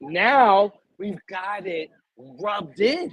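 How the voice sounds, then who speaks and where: A man in his fifties, a guest in a casual interview, talking in an emphatic, salesy pitching way. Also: lively intonation, takes it slowly, a little hiss or hum, low-quality recording. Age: 50s.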